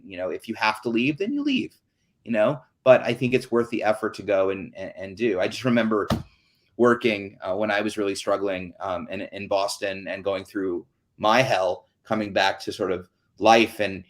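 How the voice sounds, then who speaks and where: A man's voice: lowish voice, moderate pace. A man hosting an online town hall, talking in an earnest, chatty way with many fillers over a video call. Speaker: host.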